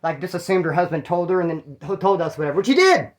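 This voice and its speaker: A man from Bakersfield, California, tells prison stories in a fast, expressive, high-sitting voice. It's a casual monologue, slangy and profane, wandering through frequent asides.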